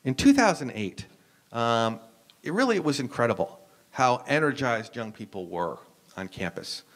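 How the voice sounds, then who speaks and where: An American man talks through his points in a loose lecture style, leaning on "um" and restarting his sentences as he goes. His voice sits at an everyday middle pitch. He is a professor speaking as a panelist. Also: big pitch swings, normal speed. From United States. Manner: explanatory, frequent "um" and restarts.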